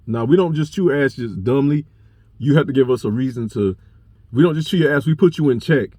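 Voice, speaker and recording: A man's voice: medium pitch, a little fast, no room sound. Young man telling a story bluntly. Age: young adult. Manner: blunt, profane, animated retelling. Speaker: vlogger. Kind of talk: casual storytelling to camera.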